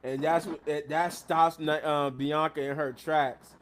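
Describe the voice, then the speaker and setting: A man hosting a live show, retelling events in a casual, animated recap and acting out the quotes. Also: on the high side, measured pace, a little hiss or hum.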